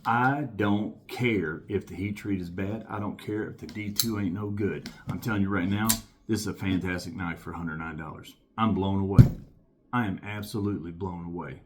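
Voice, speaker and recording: Emphatic, low-voiced man reviewing a knife. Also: moderate pace, a little mellow, a little hiss or hum. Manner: emphatic, enthusiastic, repeats himself. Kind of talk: casual product review to camera.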